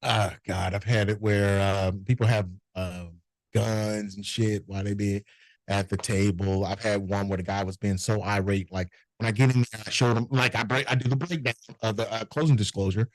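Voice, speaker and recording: A middle-aged man, a notary business owner, telling animated, profane anecdotes in a casual interview and acting out the people in them. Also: fairly low pitch, normal speed, dry recording, poor audio.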